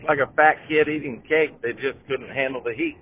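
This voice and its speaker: Plain-spoken host on a phone line. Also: male voice, mid-range voice, steady tone, a little fast. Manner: casual, plain-spoken, uses folksy comparisons. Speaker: podcast host. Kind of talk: casual phone interview. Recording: tinny phone line with faint noise.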